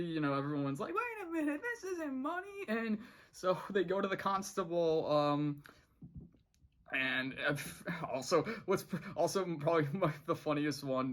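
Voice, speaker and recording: A person casually reviewing a cartoon episode for a vlog. They ramble with many restarts and fillers, laugh often, and jump up in pitch when amused.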